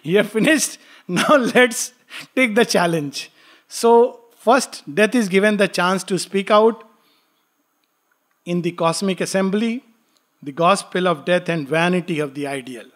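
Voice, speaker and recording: A man teaching a spiritual study class. He explains ideas plainly, reads verse slowly, and laughs lightly as he talks. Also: high-pitched, fairly bright tone. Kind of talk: lecture with poetry reading.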